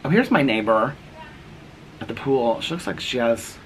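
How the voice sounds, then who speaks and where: A middle-aged man vlogs casually from his front porch, walking through his day with quoted back-and-forth conversation. His mid-range voice is expressive at a moderate pace, and there is slight background noise.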